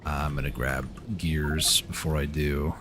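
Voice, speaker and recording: With a bass voice and a measured pace, a game streamer talks casually to himself during play. He sounds relaxed, muttering along, while background noise sits under the audio.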